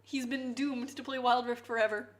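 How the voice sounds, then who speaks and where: A woman's voice: fairly high pitch, steady tone, moderate pace. A woman, chatting casually and teasingly with her viewers during a cooking stream. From Canada. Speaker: live streamer.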